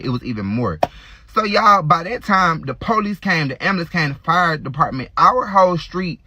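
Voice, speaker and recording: A man's voice: fairly high pitch, sharp tone, no room sound, highs cut off. A man telling a graphic personal story in a casual vlog, speaking straight to his viewers in a raw, unfiltered way. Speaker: storytime vlogger.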